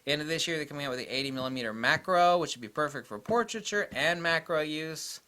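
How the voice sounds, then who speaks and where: A man's voice: fairly high pitch, expressive, fast talker, pushed and bright. A man talking casually in an opinionated, digressive way as he reviews cameras at a table, now and then mocking imagined critics in exaggerated voices. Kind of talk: casual rambling camera vlog.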